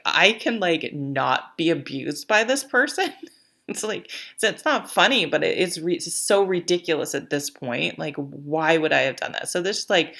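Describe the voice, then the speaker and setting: A woman's voice: low-pitched, animated, normal speed, creaky, a bit bright. A woman giving a casual tarot reading, chatty, with lots of fillers and restarts, and now and then laughing at her own stories. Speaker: tarot reader.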